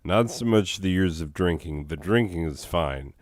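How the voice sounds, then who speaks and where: Hoarse deep-voiced man rambling. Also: normal speed, no echo, studio quality. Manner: rambling, deadpan, with chuckles. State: hoarse, sick voice with coughing. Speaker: comedy show host. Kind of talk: rambling comedic monologue.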